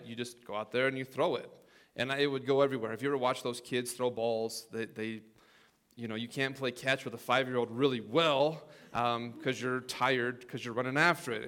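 A man's voice: medium pitch, fairly bright tone. A middle-aged man preaching a sermon in a folksy, joking way, with football stories. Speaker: pastor.

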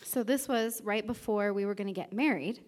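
A woman's voice: mid-range voice, fairly quick, darkish tone. A woman preaching a casual sermon, telling a personal story in a chatty way and often checking in with the listeners. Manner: conversational, laughs lightly, checks in with okay.

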